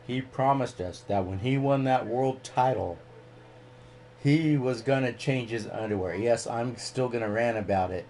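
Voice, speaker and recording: A man's voice: mid-range voice, measured pace, darkish tone, slight background noise. A man hosting a casual live stream, rambling and ranting freely with plenty of swearing.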